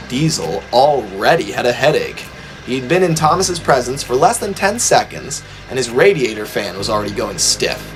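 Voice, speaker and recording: A man reads a story aloud with a lively, expressive delivery, his pitch moving a lot from line to line. Music plays clearly behind him throughout. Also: normal speed. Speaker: narrator. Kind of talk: storybook narration.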